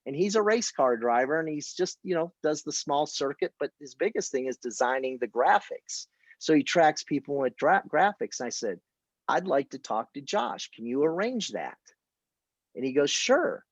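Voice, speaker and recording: A man's voice: a little high, expressive, normal speed, no echo, dull audio. A man coaching people on how to present a business opportunity, telling stories and acting out conversations in a casual way. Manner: storytelling, quoting conversations. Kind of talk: casual training talk.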